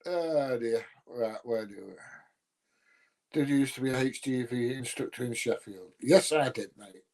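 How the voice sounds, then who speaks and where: A man's voice: medium pitch, normal speed, darkish tone. A middle-aged man from the UK chatting casually on a livestream, rambling and full of fillers as he answers viewers. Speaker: livestream host answering chat. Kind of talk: casual chat.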